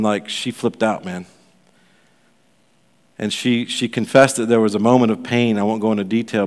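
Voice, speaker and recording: A pastor giving a sermon, telling a story in a loose, conversational way full of fillers. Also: male voice, on the low side, big-room sound.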